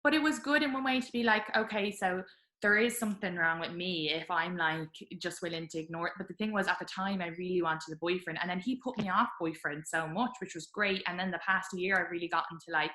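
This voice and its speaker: A woman hosting a podcast, telling candid stories in a chatty, animated way with lots of fillers. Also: fairly low pitch, brisk, reverberant. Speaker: podcast host. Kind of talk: candid conversational storytelling.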